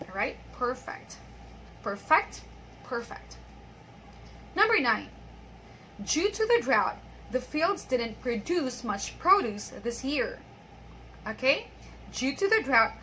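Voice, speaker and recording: A woman teaching an online English pronunciation lesson, patiently reading example sentences and repeating them slowly. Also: a little high, pushed and bright, slight background noise, rough recording.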